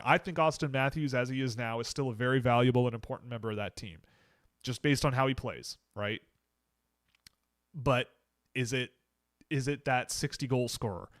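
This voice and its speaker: A man with a Canadian accent hosting a casual livestream, answering chat questions in a relaxed way and thinking aloud as he goes. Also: medium pitch, no echo, clean studio sound.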